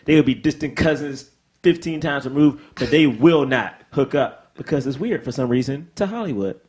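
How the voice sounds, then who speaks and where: A man co-hosting a podcast in casual chat, retelling movie scenes with lively, acted-out voices. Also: medium pitch, moderate pace, husky. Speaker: podcast co-host.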